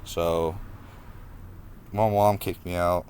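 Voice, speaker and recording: Low-voiced man telling his story. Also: flat delivery, darkish tone, a little hiss or hum. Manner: casual, halting, reflective, with many restarts. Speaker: vlogger. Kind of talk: personal storytelling to camera.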